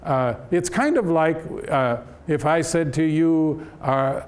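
A man giving a Bible-study lecture in a church, explaining the text in a measured way with frequent "uh" fillers. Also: a little high. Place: church hall.

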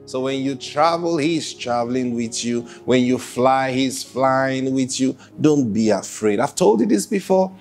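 Slow-preaching man. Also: mid-range voice, faint music behind. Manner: lively preaching with laughs and acted-out quotes. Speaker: pastor. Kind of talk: sermon.

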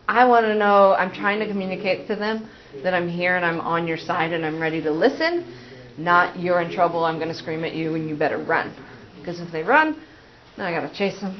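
A woman's voice: medium pitch, slight background noise. Woman presenting a parent training. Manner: conversational, with frequent fillers and acted-out examples. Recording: dull, muffled sound.

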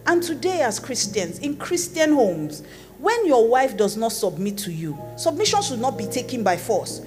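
A woman's voice: fairly high pitch, big pitch swings, normal speed, darkish tone. A woman pastor preaching a sermon in a conversational, playful teaching manner. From Nigeria. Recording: long hall reverb with faint music.

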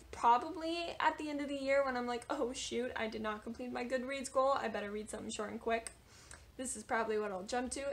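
A chatty young woman talks through her reading list to camera, her voice a touch higher than most. She sounds animated and full of filler words. A faint room hum sits behind her. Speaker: book vlogger. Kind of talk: casual book talk to camera.

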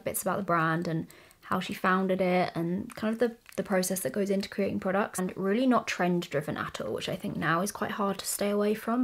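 A young British woman chatting candidly through a makeup tutorial, trading asides and stories as she works. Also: mid-range voice. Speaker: beauty vlogger.

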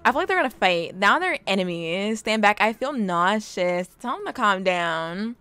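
A woman's voice: medium pitch, sing-song, moderate pace, sharp tone, smooth, dry recording. A young woman hosting a let's play, giving casual, teasing commentary as she plays and laughing often.

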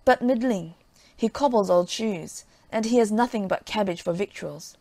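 A woman's voice: medium pitch, moderate pace, mellow, no echo, lightly acted. A woman voicing a crafty old soldier who talks his way into money. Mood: sly. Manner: sly, smooth-talking.

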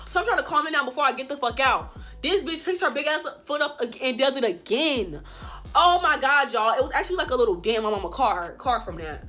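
A young woman telling a story straight to her viewers, animated and full of profanity. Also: high voice, brisk, faint music behind. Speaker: vlogger. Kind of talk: storytime vlog.

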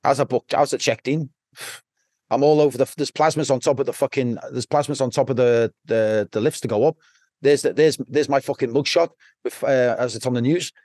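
A man's voice: medium pitch, brisk, darkish tone, dry recording, studio quality. Blunt, swearing Liverpool man telling stories. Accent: Liverpool (Scouse). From Liverpool, England. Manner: blunt, rambling, swears constantly. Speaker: podcast guest. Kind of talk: casual storytelling.

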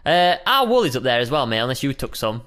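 A man's voice: mid-range voice, very animated, quick pace, fairly bright tone. Chatty young man gaming. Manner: chatty, playful, keeps calling his partner mate. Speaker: gaming co-host. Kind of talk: casual Minecraft let's play chat.

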